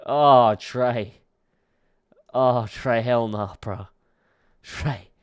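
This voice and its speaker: A young man streaming, reacting to clips with casual commentary that swings from muttered asides to shouted, swearing outbursts. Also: mid-range voice, very slow, smooth, no room sound, dull audio.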